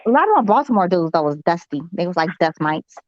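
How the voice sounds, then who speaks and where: A woman's voice: fairly low pitch, very animated, fast talker, muffled recording. A woman co-hosting a casual sports talk show, blunt and opinionated, with a salty way of talking. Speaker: podcast co-host.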